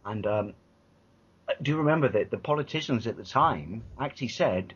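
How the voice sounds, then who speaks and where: An English man co-hosting a casual podcast chat, telling rambling animated stories with lots of restarts and swearing. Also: mid-range voice, moderate pace, slightly rough. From England. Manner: rambling, animated storytelling with many restarts and profanity. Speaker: podcast co-host. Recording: dull lo-fi podcast audio.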